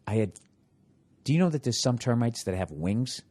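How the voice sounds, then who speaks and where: A man hosting a podcast, ranting comically about his house with constant swearing and rhetorical questions, swinging between loud outbursts and low muttering. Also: lively intonation, moderate pace, pauses often. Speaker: podcast host. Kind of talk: profane comedic rant.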